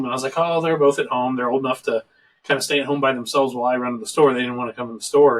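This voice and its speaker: A middle-aged man hosts a casual video-call talk show, rambling through joking stories in a voice of ordinary, middling pitch. He sits a little back from his mic, so the sound is slightly distant. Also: quick pace, a bit bright. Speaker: show host. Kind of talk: casual podcast chat.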